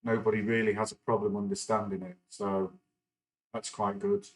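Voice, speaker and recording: A man's voice: lowish voice, little pitch movement, moderate pace, creaky, poor audio. Chatty middle-aged man. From northern England. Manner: rambling and chatty, with frequent fillers and restarts. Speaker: stock market livestream host. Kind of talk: casual live-stream chat.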